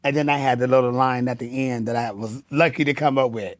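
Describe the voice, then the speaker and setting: A man, a drag performer, telling stories in a casual interview, animated and acting out quotes in a raised voice. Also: mid-range voice, fairly quick, no room sound, studio quality.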